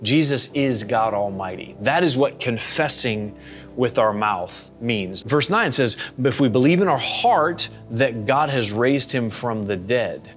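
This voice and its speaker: A man of middle pitch teaching a Bible study in a relaxed, conversational style. He talks plainly and acts out people's reactions as he goes. Faint music plays behind him. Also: measured pace. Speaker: pastor. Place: church gathering.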